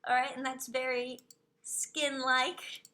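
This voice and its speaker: A woman streamer chatting casually on a live stream, gushing over what she sees and dropping into soft whispered asides. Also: sits high, level tone, takes it slowly.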